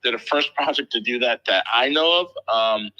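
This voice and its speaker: A man in his thirties from the Philadelphia area, hosting a crypto livestream in loose, profane, animated casual chat. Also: mid-range voice, normal speed, lo-fi sound.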